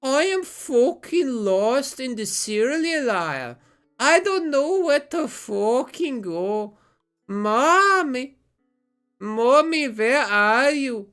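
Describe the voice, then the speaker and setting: A sobbing, whining man-child lost in a store, begging for his mother in a pitched-up, wailing voice, as a streamer does an impression. His pleas swing between slow, drawn-out cries and sudden outbursts. Faint music sits in the background. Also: sing-song, fairly bright tone, smooth, exaggerated voice. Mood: whiny pleading. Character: whiny man-child lost in a supermarket, crying for mommy.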